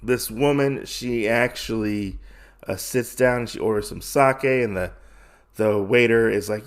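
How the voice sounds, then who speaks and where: A man's voice: mid-range voice, measured pace. A man hosting a podcast, casually recapping a comic in a rambling way with lots of fillers. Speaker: podcast host.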